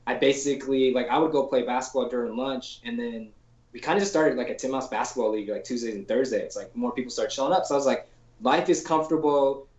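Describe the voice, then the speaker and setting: A man, a storyboard artist, chats as a podcast guest in a loose, slangy voice, peppering his talk with "like" and casual swearing. He slips into animated voices when he quotes people. The call audio is roomy and a bit dull and lo-fi. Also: medium pitch, fast. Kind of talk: casual anecdotal storytelling in an interview.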